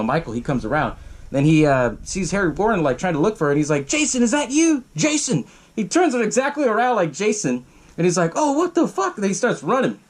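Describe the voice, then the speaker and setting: A young man hosts his podcast, retelling a horror movie with loose, profane energy. His voice sits a bit high and swings widely in pitch. He keeps jumping into the characters' lines as he goes. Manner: profane, animated retelling with acted-out quotes. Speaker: podcast host. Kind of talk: casual film recap.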